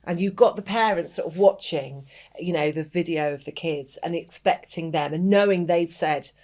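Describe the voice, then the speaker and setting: A woman's voice: fairly low pitch, normal speed, darkish tone. A woman hosting a podcast, telling stories in an earnest, reflective way. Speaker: podcast host. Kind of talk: casual podcast conversation.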